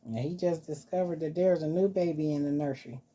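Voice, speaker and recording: A woman hosting a casual vlog, talking softly and playfully to her dolls as if they were children. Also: low voice, brisk, slightly rough. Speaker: doll collector vlogger. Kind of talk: casual doll-play vlog.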